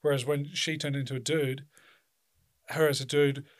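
A man's voice: mid-range voice, flat delivery, normal speed. A man chatting casually as a podcast co-host, rambling and swearing, acting out quotes in little voices. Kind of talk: casual chat.

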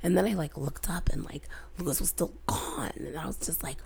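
A young woman telling a story on a casual podcast, animated, dropping into whispers when she quotes herself. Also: deep voice, brisk, gravelly. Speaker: podcast co-host.

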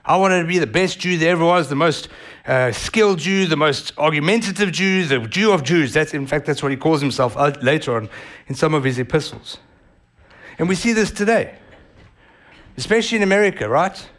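A man with a South African accent preaching a sermon as pastor, animated and vivid in delivery. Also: fairly high pitch, a little fast. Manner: animated, acts out voices of others.

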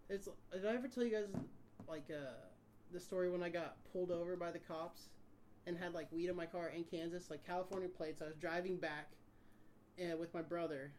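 A man in his twenties telling a story in casual chat with friends, animated and swearing, acting out the voices of the people in it. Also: high-pitched, brisk, slight background noise. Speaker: podcast guest.

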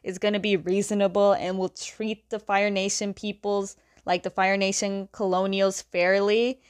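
A woman's voice: mid-range voice, level tone, normal speed, close to an everyday voice. A woman voicing a cold, manipulative older father as she retells a story, speaking in a scornful, condescending way.

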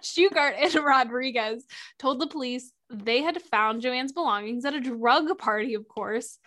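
A woman's voice: sits high, a little slow. Sarcastic woman co-hosting true crime. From Ohio. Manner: sarcastic, animated retelling. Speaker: podcast co-host. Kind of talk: casual true-crime chat.

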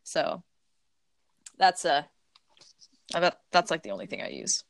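A woman's voice: low voice, very animated, measured pace, creaky, dry recording. A young adult woman chatting casually, laughing often and swearing offhandedly. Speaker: streamer and artist. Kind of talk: casual chat.

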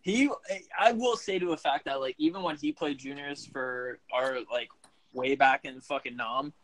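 A man's voice: medium pitch, normal speed, fairly bright tone, low-quality recording. A man telling a golf story in casual, profane chat, rambling and laughing along. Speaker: podcast co-host.

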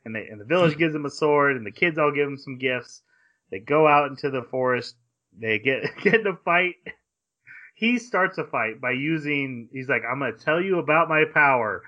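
A man co-hosting a podcast, casually recapping an episode in a rambling way with quick quoted asides. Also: medium pitch, animated, highs cut off. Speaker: podcast co-host.

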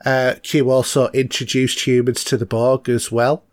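An English man co-hosts a podcast, talking through a TV episode in a loose, chatty way. He hesitates often and leans on fillers and restarts. His voice sits at an ordinary middle pitch. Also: little pitch movement, moderate pace, dry recording, studio quality. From England. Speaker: podcast co-host. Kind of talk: casual chat recapping a TV episode.

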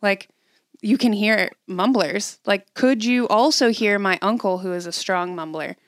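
A woman's voice: medium pitch, unhurried, dry recording, clean studio sound. Blunt swearing young woman podcaster. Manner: blunt, swears freely, animated storytelling. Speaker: podcast co-host. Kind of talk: casual chat.

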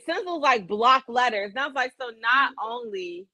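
Woman co-host, bright and tense tone, fairly high, animated profane storyteller. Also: moderate pace, no room sound. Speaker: podcast co-host. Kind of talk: casual storytelling.

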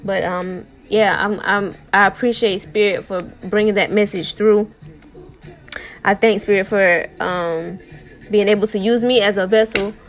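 A woman tarot reader speaks to her viewers in a loose, conversational pep talk, circling back and repeating her points. Her voice sits at an ordinary middle pitch. Faint music plays softly underneath. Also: fairly even intonation, measured pace. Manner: conversational, repeats herself, uses "y'all" and "man".

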